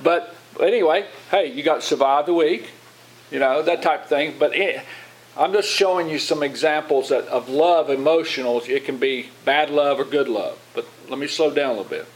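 A man's voice: a little high, normal speed, rough recording. A man preaching to his congregation in a loose, conversational teaching style, often asking them questions and repeating his words as he goes. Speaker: pastor.

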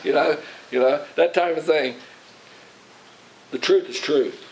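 A man's voice: a little high, a little slow, a crowd in the background, poor audio. A middle-aged man, a pastor preaching in a folksy, rambling way and asking his congregation questions. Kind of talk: sermon. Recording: faint hiss.

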